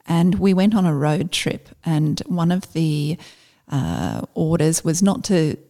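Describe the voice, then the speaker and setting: A middle-aged woman recounts her army days in a relaxed, conversational way. Her voice sits low and gravelly with a warm, mellow tone. She talks haltingly, with plenty of fillers and restarts. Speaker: former army officer telling a story. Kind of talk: conversational storytelling.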